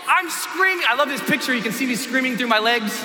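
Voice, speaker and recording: A man giving a motivational speech on stage, telling a story with animated shouting and bursts of screaming, in an echoey hall. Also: extremely high pitch, fast talker, heavy background noise. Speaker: motivational speaker.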